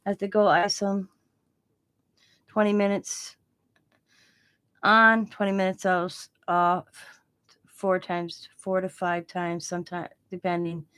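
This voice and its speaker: A woman's voice: on the low side, little pitch movement, slow pace, pauses often, fairly bright tone, clear, resonant tone, no room sound. A woman hosting a casual craft live stream, chatting and telling stories in a rambling way while she works. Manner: rambling, chatty storytelling with laughs. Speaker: craft channel host.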